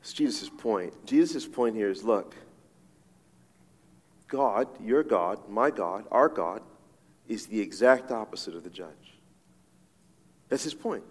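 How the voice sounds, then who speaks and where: A man's voice: fairly low pitch, slow pace, long pauses, breathy edge. Man preaching animatedly in a reverberant hall. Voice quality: animated, conversational preaching with many asides and repeated "right?". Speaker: pastor. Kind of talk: sermon. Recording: long reverb of a large hall.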